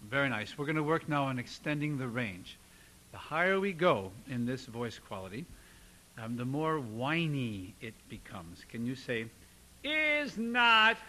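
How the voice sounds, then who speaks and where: A man teaching a singing lesson, coaching a student with lively encouragement and sung demonstrations. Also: medium pitch, normal speed, slight background noise, rough recording.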